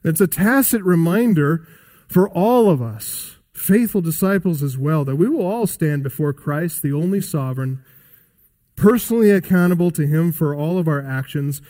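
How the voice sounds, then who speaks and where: Emphatic male preacher, slightly high voice. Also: animated, moderate pace, mellow. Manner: emphatic, asks the listeners rhetorical questions. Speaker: pastor. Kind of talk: sermon.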